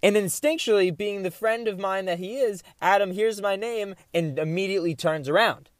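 A man's voice: sits high, moderate pace, no room sound. Rambling young man, dry close mic. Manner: animated, rambling, self-interrupting. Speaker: podcast host. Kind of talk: casual solo storytelling.

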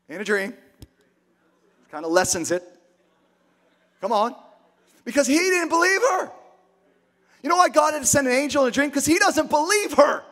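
High-voiced preaching man. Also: normal speed, pauses often. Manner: emphatic, energetic, rhetorical questions. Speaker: pastor. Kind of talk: sermon.

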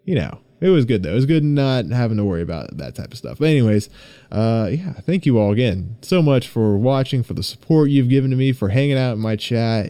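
A man's voice: medium pitch, animated, fairly quick, mellow, no echo. A young man hosting a casual solo gaming podcast, rambling, swearing freely and getting worked up as he vents. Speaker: podcast host and streamer.

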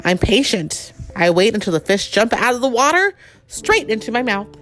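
A woman voicing a kindly, patient old grandfather bear in a storybook, speaking slowly and gently. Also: a little high, sing-song, faint music behind, pitched above the performer's own voice. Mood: gentle.

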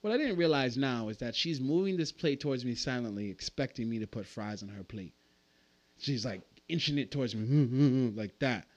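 A man's voice: mid-range voice, expressive, moderate pace, dull audio. A man, a podcast guest, telling a wild story with lots of swearing and acted-out dialogue. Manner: profane, acts out voices in the story. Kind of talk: animated storytelling.

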